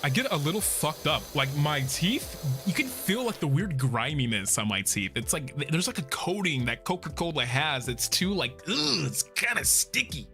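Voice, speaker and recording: A young man chatting casually while streaming a game, excitable and profane, laughing often and bursting into shouts. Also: a little high, normal speed, hardly any pauses. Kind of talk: casual gameplay stream chat. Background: game music.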